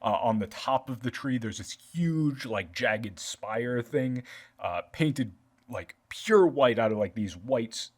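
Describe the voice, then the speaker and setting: A man at an ordinary middle pitch serves as game master for a tabletop game. He describes the world in a loose, meandering way, stacking up "like" and "uh" as he builds each scene. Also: animated, slow. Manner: loose, rambling description with many fillers.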